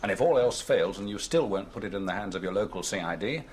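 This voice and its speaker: Sardonic senior policeman played by a man, low and animated; 1970s TV drama. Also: fast talker, a little hiss or hum, natural voice. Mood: wry. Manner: dry, sardonic, advising. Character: dry, wry senior male police officer.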